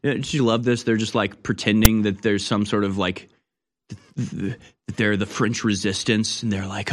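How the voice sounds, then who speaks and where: A man's voice: lowish voice, fairly even intonation, normal speed, slight background noise. Sarcastic male talk radio host. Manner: sarcastic, mocking, trailing off mid-sentence. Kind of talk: opinionated commentary reading news.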